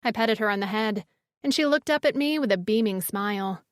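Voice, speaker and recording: A woman narrating a first-person fantasy audiobook in a measured storytelling manner. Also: mid-range voice, no echo, clean studio sound.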